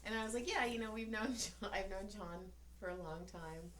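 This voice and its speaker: A woman's voice: mid-range voice, brisk, fairly bright tone, a little hiss or hum. A woman in her thirties co-hosting a podcast in casual chat, telling stories animatedly, laughing often and acting out quotes. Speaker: podcast co-host. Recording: roomy echo, faint ambience.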